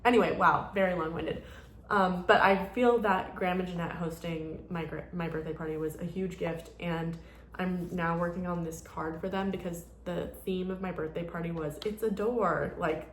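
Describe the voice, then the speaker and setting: A woman's voice: lowish voice, steady tone, moderate pace, roomy sound, a little hiss or hum. Chatty rambling woman around 30. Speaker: vlogger. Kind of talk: casual chat.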